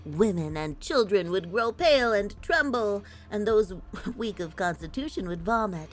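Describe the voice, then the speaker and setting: A woman's voice: mid-range voice, lively intonation, moderate pace, lightly acted, rough recording. Woman reading as an intrigued researcher. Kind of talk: read-aloud document in a game dub.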